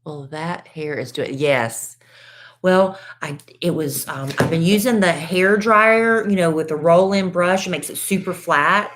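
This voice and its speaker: A low-pitched woman co-hosts a podcast from home. She chats casually and easily in a folksy way. Now and then she calls people "honey" and says "y'all.". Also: a little slow, a bit bright. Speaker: podcast co-host. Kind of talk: casual chat.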